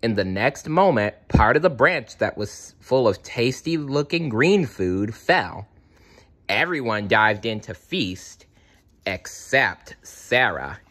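A man narrating a children's storybook in an expressive, dramatic way. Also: medium pitch, slow. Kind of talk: storybook read-aloud.

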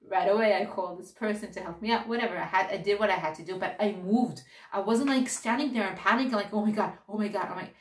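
A woman giving a casual spiritual talk, speaking in an earnest, direct and encouraging way. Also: medium pitch. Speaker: spiritual teacher. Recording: roomy echo, distant mic.

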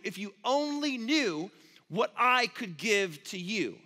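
A man's voice: high voice, sharp tone, voice pushed up, exaggerated voice. A man voicing Jesus as patient and earnest, speaking in a reassuring, pleading way. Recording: long reverb of a large hall.

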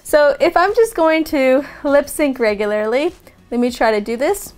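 Upbeat high-voiced woman teaching. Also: lively intonation, normal speed, darkish tone, faint music behind. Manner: upbeat, explains step by step. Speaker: video production teacher. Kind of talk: casual tutorial vlog.

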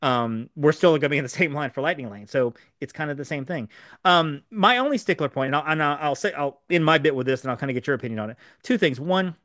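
A man co-hosting a podcast in a studio, explaining things in a fast, animated way with lots of fillers. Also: fairly high pitch, no room sound. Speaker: podcast co-host. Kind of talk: casual podcast chat.

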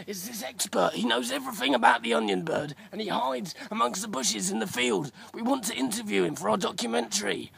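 A man's voice: very high-pitched, expressive, fairly quick, creaky, few pauses, a crowd in the background. A young man hosting a comedic mock documentary outdoors, flustered and exasperated, swearing now and then. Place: outdoors in fields and bushes.

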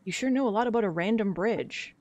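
A woman voicing a grumpy male rodent knight who grumbles in short, quiet lines. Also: a little fast, highs cut off, close to an everyday voice. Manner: grumbling, terse, low and quiet.

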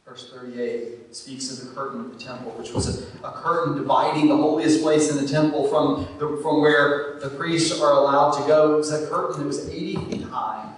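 A man preaching a sermon as pastor, swinging from emphatic, raised bursts down to low, quiet stretches. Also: steady tone, normal speed, hardly any pauses. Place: church sanctuary. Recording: echoey church from far off with faint noise.

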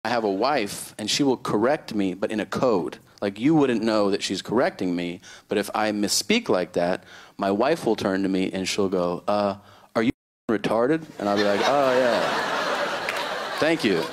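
Somewhat low-voiced guy doing deadpan standup, faint background hum. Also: normal speed. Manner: deadpan, exaggerated storytelling. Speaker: stand-up comedian. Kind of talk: stand-up set. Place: comedy stage.

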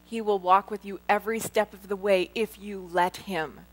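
Middle-aged woman speaker, earnest heartfelt testimony to a live crowd, talks right to the listeners, medium pitch. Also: fairly even intonation, normal speed. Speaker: Christian women's speaker. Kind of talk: personal testimony talk. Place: live event with an audience.

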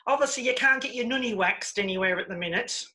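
A woman's voice: on the high side, fast talker, sharp tone, poor audio. A woman doing a brash, bawdy stand-up comedy set over a video call.

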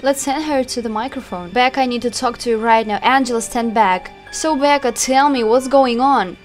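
A woman's voice: high-pitched, moderate pace, hardly any pauses, faint music behind. A woman who hosts a channel, narrating a story dramatically and chatting with puppets.

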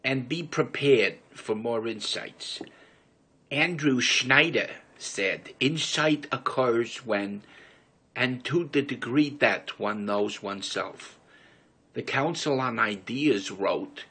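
A man reading an inspirational book aloud in a put-on New York City accent, deliberate and measured. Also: medium pitch, animated, a bit bright, breathy edge.

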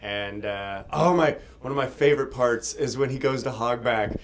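A man being interviewed as a voice actor, talking fast and excitedly, laughing often and acting out quotes. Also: medium pitch. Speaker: voice actor guest. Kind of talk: casual interview chat. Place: convention room.

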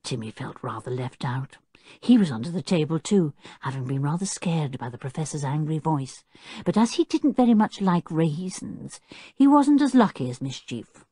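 A woman narrating a children's storybook with a lilting, expressive read. Her pitch rises and falls widely, and the recording is close and dry with no room sound. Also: normal speed, slightly rough, dry recording. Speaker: audiobook narrator.

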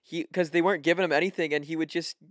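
Excitable slangy man, higher voice. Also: very fast, no echo, clean studio sound. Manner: excitable, slangy, says bro a lot. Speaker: podcast co-host. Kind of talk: casual hockey chat.

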